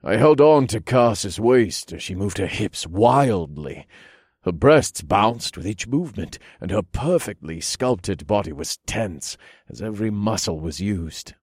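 A man narrating a first-person erotic story in a low, breathy, intimate way. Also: lively intonation, unhurried, a little mellow, no room sound, clean studio sound.

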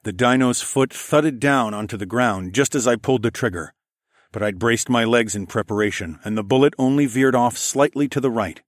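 A man's voice: medium pitch, normal speed, dry recording, studio quality. A man narrating a first-person story in a gritty, profane storytelling manner. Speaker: audiobook narrator.

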